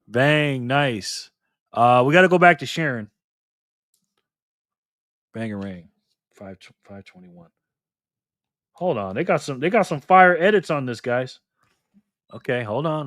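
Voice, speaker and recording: A middle-aged man hosting a casual live stream, lively and teasing, laughing often as he reacts to chat. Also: mid-range voice, slow pace, long pauses, no room sound, studio quality.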